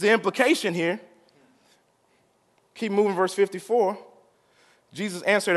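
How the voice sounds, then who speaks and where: A male pastor preaching a sermon, drawing out the crowd with call-and-response and swinging from quiet to loud. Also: high-pitched, moderate pace, long pauses.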